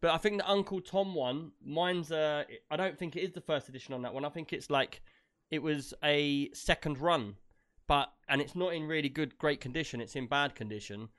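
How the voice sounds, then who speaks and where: An excitable man with a slightly high voice, trading slangy banter as he co-hosts a relaxed chat show. He talks in quick bursts and laughs often. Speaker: podcast co-host. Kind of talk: casual chat.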